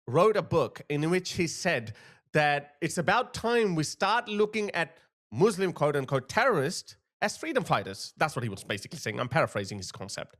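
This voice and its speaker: Sarcastic guy ranting political commentary, high voice, swings all over the place. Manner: animated, sarcastic, emphatic. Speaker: host.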